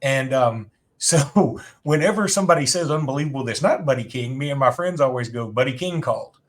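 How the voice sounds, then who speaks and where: A man's voice: medium pitch, lively intonation, fairly quick. A man from Alabama, co-hosting a casual sports podcast, telling rambling self-deprecating stories. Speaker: podcast co-host.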